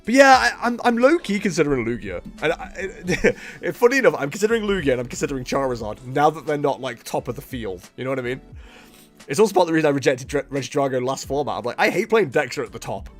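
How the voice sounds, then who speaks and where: A man's voice: fairly high pitch, expressive, fast talker, faint music behind. A man at home streaming a card game, chatting casually in a rambling, self-mocking way. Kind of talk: casual live-stream commentary.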